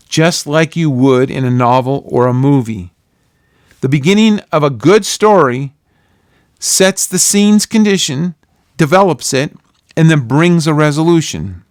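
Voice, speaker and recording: A man giving a measured, earnest Bible lesson in a scripted, explanatory way. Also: fairly high pitch, lively intonation, dry recording, clean studio sound. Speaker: Bible teacher.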